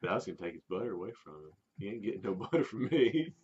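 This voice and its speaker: A man's voice: fairly low pitch, very animated, rapid-fire, darkish tone, husky. A man casually telling a story to a friend, laughing often and restarting his sentences. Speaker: podcast co-host telling a story. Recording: dull lo-fi sound.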